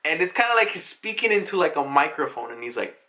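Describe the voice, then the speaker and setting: A man's voice: on the high side, very animated, fast talker, few pauses, sharp tone. A young man casually recapping a manga chapter, rambling with lots of filler words and swearing freely. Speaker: manga reviewer.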